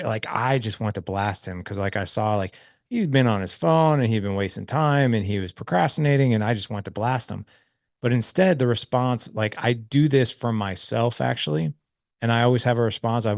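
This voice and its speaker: A man's voice: fairly low pitch, brisk, creaky, dry recording, clean studio sound. A middle-aged man speaking as a podcast guest, telling a story about fatherhood earnestly, often tagging "right?" on to his points. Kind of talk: conversational interview storytelling.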